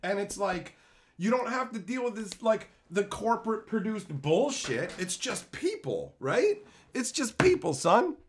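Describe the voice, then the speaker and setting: A man's voice: high-pitched, big pitch swings, a little hiss or hum. Rowdy, swearing male streamer. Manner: rowdy, swearing, quick to laugh, calls viewers bro and son. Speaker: streamer reading live chat. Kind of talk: casual profane stream chat.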